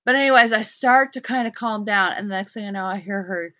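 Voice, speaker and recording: A woman's voice: medium pitch, quick pace, sharp tone. A woman co-hosting a radio show, chatting casually and swearing freely as she tells a story, laughing often. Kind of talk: casual chat. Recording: dull lo-fi podcast audio.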